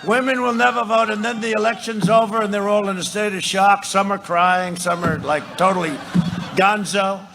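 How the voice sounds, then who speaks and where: A man addressing a rally, talking in repetitive, rambling runs with side remarks and sudden shouted lines into a podium microphone. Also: high-pitched, steady tone, normal speed, noisy background. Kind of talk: rally speech. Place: large rally venue.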